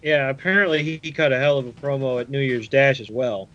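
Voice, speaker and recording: A man's voice: medium pitch, brisk, fairly bright tone. A man co-hosting a casual podcast chat, loosely recalling things with plenty of fillers. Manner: rambling recollection with fillers. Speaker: podcast co-host. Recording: dull lo-fi audio.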